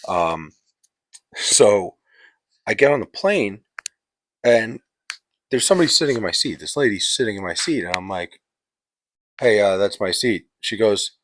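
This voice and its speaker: A man's voice: lowish voice, animated, moderate pace, long pauses, dry recording. A man telling a travel story in a casual, profane, exasperated way, rambling with lots of fillers. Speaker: podcast host.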